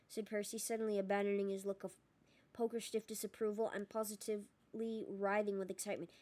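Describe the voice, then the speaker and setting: A woman narrating an audiobook in a steady storytelling manner. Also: medium pitch, fairly quick. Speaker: audiobook reader.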